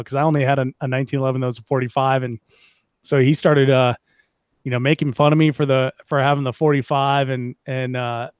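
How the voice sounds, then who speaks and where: Male podcast host, mid-pitched, dry close mic, easygoing. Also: clean tone, dry recording. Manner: relaxed, stumbling restarts. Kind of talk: casual podcast conversation.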